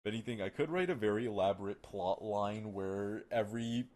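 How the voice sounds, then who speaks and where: A man's voice: on the low side, fairly quick, darkish tone. A man chatting casually on a live stream, rambling and swearing, full of fillers and restarts and laughing at his own jokes.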